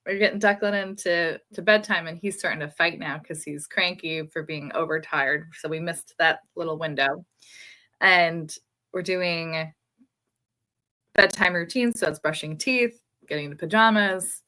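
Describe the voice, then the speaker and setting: A woman in her thirties co-hosting a podcast, telling a story in casual chat in an animated way, laughing as she goes. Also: lowish voice, a little slow. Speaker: podcast co-host.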